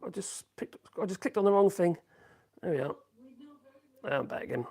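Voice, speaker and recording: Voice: mid-range voice, animated, moderate pace, a little mellow, breathy edge. A live-streamer rambling casually while reading out chat messages, humming and chuckling between thoughts, speaking into a phone in a home workshop. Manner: rambling, hums to self, frequent chuckles.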